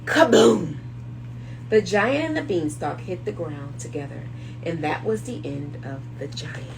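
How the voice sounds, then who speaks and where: A woman hosting children's circle time, reading a storybook aloud slowly and expressively, hushed at calm moments. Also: low voice, noisy background.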